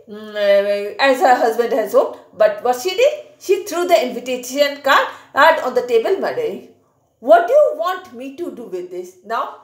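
A woman teaches a story, stopping to restate each passage in plain words. Her voice sits fairly high and moves a lot. The room around her echoes. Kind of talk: reading and explaining a story in class.

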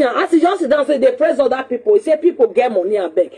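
A Nigerian woman hosting a talk show, her voice deeply husky and mellow. She talks casually and animatedly, scolding and hammering her points home by repeating them. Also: animated, fast talker.

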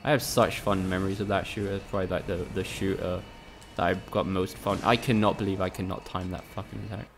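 A man's voice: deep voice, flat delivery, fairly quick, creaky, few pauses, faint music behind. A man casually commentating a live game stream, chatting with viewers, swearing often and joking sarcastically. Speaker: gaming streamer.

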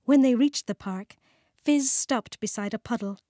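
A British woman reading a children's storybook aloud in a warm, sing-song way. Her voice sits fairly high and swoops up and down as she speaks. She takes her time over each word, and the sound is dry and close. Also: no room sound. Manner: warm, slow, clearly enunciated, sing-song. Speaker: audiobook narrator.

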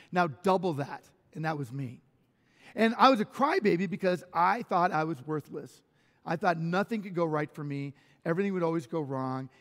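A man preaching a conversational sermon in a church, telling personal stories with lively restarts. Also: fairly high pitch. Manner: animated personal storytelling with restarts. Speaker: pastor. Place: church sanctuary. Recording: long reverb of a church hall.

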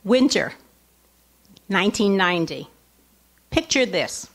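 A woman's voice: medium pitch, sing-song, slow pace. Middle-aged woman author, wry live reading of her own essay, asides to the crowd. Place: lecture hall before an audience.

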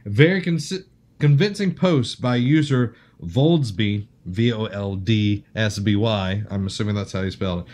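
A man's voice: lowish voice, normal speed, a little mellow. A man co-hosting a casual podcast, joking around and reading ad copy loosely. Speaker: podcast co-host.

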